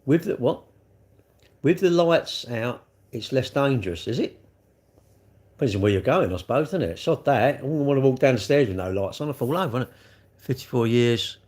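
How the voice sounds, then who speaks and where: A middle-aged man with a mid-range, somewhat dark voice talks at a normal speed with lively intonation. He chats casually on a livestream, answering viewer comments as they arrive. He wanders from thought to thought and keeps ending sentences with tag questions.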